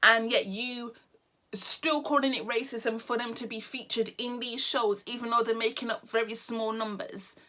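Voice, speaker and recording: A woman's voice: a little high, fairly even intonation, normal speed, sharp tone. A woman vlogger ranting blunt and exasperated to the camera, repeating her points.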